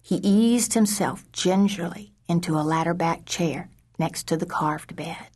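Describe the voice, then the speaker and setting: A woman narrating a children's audiobook in a slow, measured storytelling manner, sometimes dropping to a hush. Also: fairly low pitch. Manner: slow, measured storytelling with soft hushed passages.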